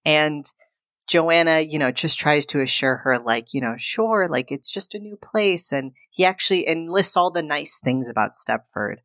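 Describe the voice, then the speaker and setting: A podcast co-host with a low voice recaps a film in casual conversation, retelling it animatedly and acting out the characters' lines. She talks at normal speed, and the sound is clean studio audio with no room echo.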